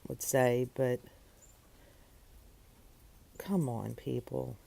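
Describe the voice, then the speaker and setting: A woman's voice: very deep voice, vocal fry, dark tone. A woman delivering an exasperated, sarcastic opinion monologue for her podcast.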